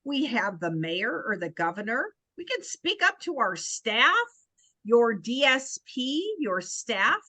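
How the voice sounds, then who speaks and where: Woman co-facilitator, very slow, lively ups and downs, bright dry sound. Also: a little high, no echo, low-quality recording. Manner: slow, warm reading of group answers. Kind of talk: virtual training lesson. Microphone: video call.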